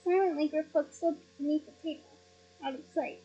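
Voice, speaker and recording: A woman reading a novel aloud in a lively, expressive way, with emotional asides. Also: sits high, moderate pace, poor audio. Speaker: audiobook reader.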